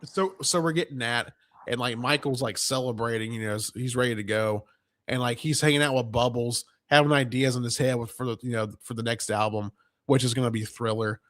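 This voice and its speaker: A man's voice: mid-range voice, a little fast, fairly bright tone. A man co-hosting a movie review chat, retelling scenes at length with lots of fillers and quoted lines. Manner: rambling recap full of fillers and quoted lines. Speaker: podcast co-host reviewing a film. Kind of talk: casual chat.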